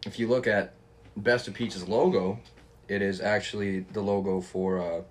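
A man's voice: on the low side, fairly even intonation, normal speed. A young man hosting a casual podcast chat, laid-back, swearing freely and laughing often. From Canada. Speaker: podcast host.

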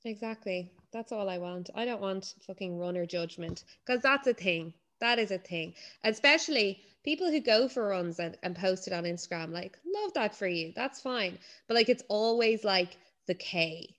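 Picture a woman co-hosting a casual chat. She rants with lots of animation, swears freely, and keeps jumping into high, mocking impressions of other people. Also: expressive, normal speed, hardly any pauses, a bit bright.

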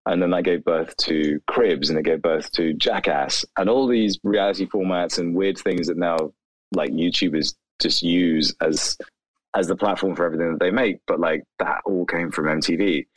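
A man, a video creator, talking casually in an interview with many "like" fillers and animated asides. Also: sits low, no room sound, low-quality recording. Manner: rambling, animated, lots of "like" fillers.

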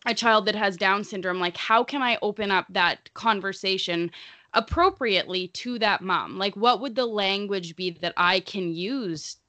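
This is a woman hosting a relaxed podcast conversation. She talks earnestly and wanders through her thoughts with many fillers. Her voice is bright and sits dry and close. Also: mid-range voice, moderate pace, dry recording. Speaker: podcast host. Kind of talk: casual chat.

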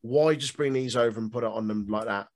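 A man's voice: mid-range voice, quick pace. A British man co-hosting a wrestling podcast, ranting and swearing in casual chat. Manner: sweary, ranting, laughing often.

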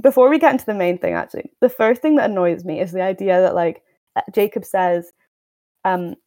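A woman's voice: mid-range voice, brisk, warm tone, no echo. A young woman hosting a podcast, reading a novel aloud and then commenting with exasperated, wry remarks. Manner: wry, exasperated, stumbles and restarts while reading. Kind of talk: book reading and casual commentary.

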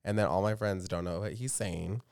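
A woman's voice: very deep voice, moderate pace, darkish tone, dry recording, clean studio sound. A woman co-hosting a podcast in playful, laughing casual chat. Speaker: podcast co-host.

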